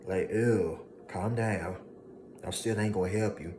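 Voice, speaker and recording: A man delivers an emphatic motivational monologue, hammering home his points by repetition. His voice sits low and deep. A steady hiss of background noise runs under it. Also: moderate pace. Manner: preachy, emphatic, repeats lines for effect, mocking voices of haters. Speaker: motivational speaker.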